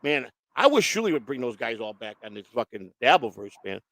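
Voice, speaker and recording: A man's voice: medium pitch, big pitch swings, brisk, a bit bright, no echo. A man hosting a casual chat, rambling and swearing, with lots of restarts. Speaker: show host.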